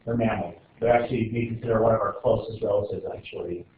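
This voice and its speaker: A man's voice: on the low side, fairly even intonation, quick pace, a little hiss or hum. A man teaching a biology class, joking and rambling as he lectures, recorded from the back of a classroom. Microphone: far camera. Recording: distant, echoey, tinny classroom camera audio.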